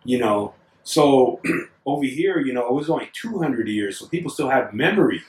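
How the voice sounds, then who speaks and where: Man, mid-pitch, earnest and halting, echoey distant recording. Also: lively intonation. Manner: halting, filler-heavy, earnest. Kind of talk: casual conversation. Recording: echoey room, distant mic.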